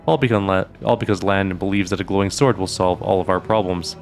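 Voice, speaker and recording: Grim, guarded female mongrel scout from a fantasy role-playing game, read aloud by a man in a low voice. She speaks tensely and without warmth, with soft music faint behind. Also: fairly even intonation, brisk. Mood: bitter.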